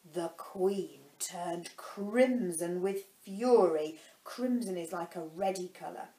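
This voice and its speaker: A woman teacher reading a storybook aloud to children, slowly and stopping to explain words. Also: fairly low pitch, mellow. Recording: echoey room.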